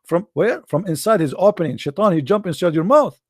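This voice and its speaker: A man delivers mocking religious commentary in a sarcastic, sing-song way, drawing out the words he quotes slowly. His voice sits high and animated, with a darkish, slightly rough tone. The sound is dry and clean, studio grade.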